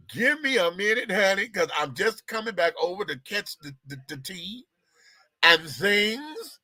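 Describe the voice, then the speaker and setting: Male host, sassy and theatrical gossip commentary, bright, close and dry. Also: on the high side, big pitch swings, unhurried, no echo. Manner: talks to the audience while fixing tech. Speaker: show host. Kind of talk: live-stream gossip commentary.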